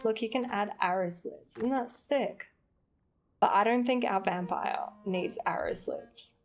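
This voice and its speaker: A woman's voice: medium pitch, measured pace. A woman with an Australian accent, chatting casually on a livestream, reading chat aloud and joking playfully with light swearing.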